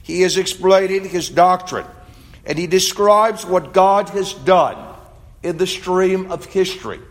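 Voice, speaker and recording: Male pastor, high voice, unhurried, measured sermon delivery. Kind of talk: sermon with scripture reading. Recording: long reverb of a large hall.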